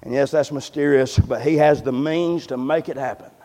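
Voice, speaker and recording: A man preaching a sermon in a church, moving from hushed, low passages to loud, fervent ones. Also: steady tone, normal speed, in a large hall. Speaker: pastor. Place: church sanctuary.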